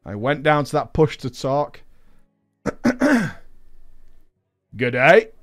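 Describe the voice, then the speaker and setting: A man's voice: medium pitch, slow pace, faint music behind. A man reading a story aloud with comedic commentary, breaking off for mocking, sweary asides. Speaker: podcast host reading a listener story.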